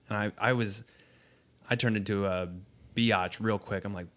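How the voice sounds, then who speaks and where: A man as a podcast guest, telling a candid, profane story in a casual, halting way with frequent ums. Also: fairly low pitch, a bit bright, smooth.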